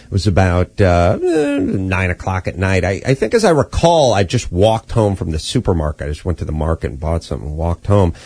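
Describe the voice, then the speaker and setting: A middle-aged man tells a story on a podcast, his pitch rising and falling a lot as he mimics people. His manner is wry and profane. The studio sound is close and dry. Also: big pitch swings, fairly quick, creaky, few pauses, darkish tone, dry recording. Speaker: podcast host. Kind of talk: casual storytelling.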